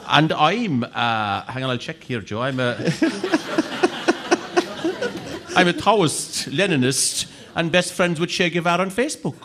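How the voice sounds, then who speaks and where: A man's voice: on the high side, lively intonation, moderate pace, crowd noise, close to an everyday voice. A man doing a comic impression of a middle-aged Irish left-wing politician, wry and self-mocking, laughing through his answers in a studio interview.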